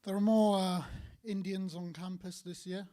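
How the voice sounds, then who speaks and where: A young man doing a stand-up set at a student comedy night, dry and deadpan with ironic asides. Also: sits high, normal speed. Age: young adult.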